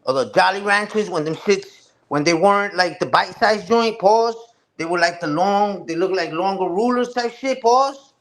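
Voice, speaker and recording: High-voiced New man riffing. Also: moderate pace, a bit bright. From New York. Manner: loose, slang-heavy, profane storytelling with many restarts. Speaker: live streamer. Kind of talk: casual chat with a live audience.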